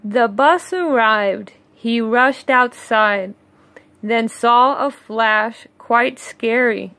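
A woman reading a rhyming children's picture book aloud, slow and measured, with chuckling asides between pages. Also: fairly high pitch, pushed and bright, no room sound. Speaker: read-along storyteller.

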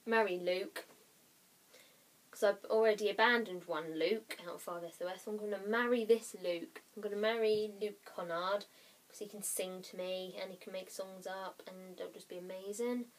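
A woman's voice: mid-range voice, steady tone, normal speed. A young woman vlogging at home, rambling casually, often apologizing and dropping into whispers. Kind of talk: casual chatty vlog.

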